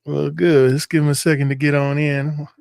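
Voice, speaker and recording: A man's voice: a little high, level tone, moderate pace, creaky, darkish tone, no room sound, clean studio sound. A man co-hosting a casual livestream, greeting viewers in a laid-back way. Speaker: co-host.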